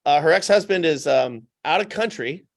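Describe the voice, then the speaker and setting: High-voiced man telling animated stories. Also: normal speed. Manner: animated anecdotal storytelling; emphatic, repeats points for effect. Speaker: podcast guest. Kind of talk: casual podcast conversation.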